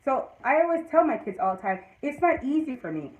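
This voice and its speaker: A woman's voice: high-pitched, big pitch swings, a little fast, darkish tone, muffled recording. A woman from Jamaica with a Jamaican accent, casually chatting to viewers on her livestream and telling stories in a rambling, emphatic way. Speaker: livestream host.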